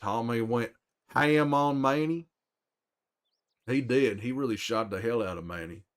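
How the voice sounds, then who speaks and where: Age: middle-aged. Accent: Texan drawl. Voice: a man doing a gruff, weary Texan, mid-pitched. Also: unhurried, natural voice. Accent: Texan Southern drawl. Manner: drawling, folksy, teasing, trails off with "there" and a name. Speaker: streamer in character. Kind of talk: in-character chat with stream viewers.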